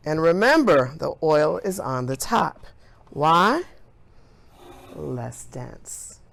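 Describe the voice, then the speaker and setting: Cheerful, animated woman science teacher. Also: deep voice, drawn-out words, creaky. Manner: enthusiastic, cheerful, encouraging. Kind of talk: classroom science demonstration.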